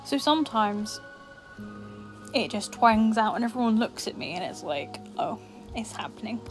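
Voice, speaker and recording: A woman from Scotland chats casually while streaming a game, over-pronouncing her words so her faint accent stays mostly hidden and using lots of fillers. Her fairly high voice has lively intonation at normal speed. Faint music plays behind a rough recording.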